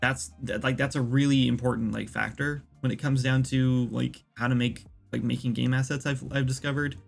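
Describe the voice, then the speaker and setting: An indie game developer thinks aloud on a casual livestream, his gravelly, fry-laden voice sitting at a middle pitch. The delivery is flat and at normal speed, rambling and circling back with plenty of fillers, while soft music plays faintly underneath.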